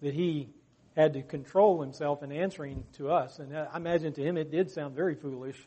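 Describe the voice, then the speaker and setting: A man with a somewhat high, husky voice leads a Bible study discussion. He speaks earnestly and rises in pitch and volume when he acts out quoted speech. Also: fairly quick, mellow, lo-fi sound. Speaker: discussion leader.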